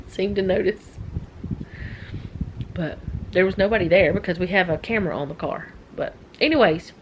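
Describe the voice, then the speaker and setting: A middle-aged woman with a drawl chats away in a loose, rambling manner and drifts off topic. Her voice sits at a middle pitch. A faint hum of noise runs behind her. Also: muffled recording. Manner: rambling, chatty, easily sidetracked. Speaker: vlogger. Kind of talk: casual chat.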